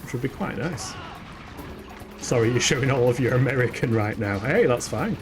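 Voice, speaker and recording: A young English man with a Yorkshire accent talks through a live game stream, easygoing and chatty, answering viewers and cursing at the screen. His voice sits at an ordinary middle pitch, with faint game music underneath. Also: lively intonation, normal speed. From England. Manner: chatty, laughs often, swears, answers chat aloud. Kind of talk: casual live-stream chat while gaming.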